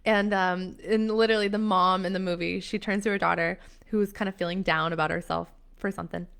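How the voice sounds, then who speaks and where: A woman's voice: lowish voice, steady tone, a little fast, gravelly, a bit bright, clear, resonant tone. A young woman hosting a casual motivational live stream, talking in a gushing, emphatic way with many restarts. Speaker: empowerment coach hosting a live session.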